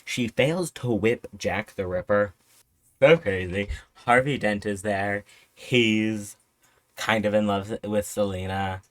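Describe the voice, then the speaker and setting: Low-voiced, excitable, swearing man. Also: slow, dry recording. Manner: excitable, rambling, profane. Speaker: host. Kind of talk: casual movie review.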